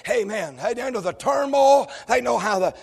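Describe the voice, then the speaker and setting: A male pastor, preaching a sermon that swings from shouted, sung lines to low conversational talk. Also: lively intonation, moderate pace, vocal fry, breathy edge. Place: church sanctuary. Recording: long hall reverb.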